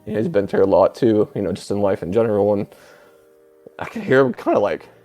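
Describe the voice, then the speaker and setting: A man telling a painful personal story as an interview guest, halting and breaking off with filler sounds, sounding close to tears. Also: on the low side, big pitch swings, warm tone, faint music behind. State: emotional, near tears. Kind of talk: emotional personal account.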